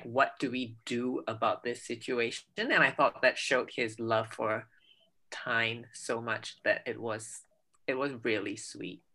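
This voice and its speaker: A co-host talks thoughtfully in a casual chat, laughing now and then. The voice is gravelly, with plenty of fry. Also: mid-range voice, a bit bright. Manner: thoughtful, laughs while talking. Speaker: podcast co-host.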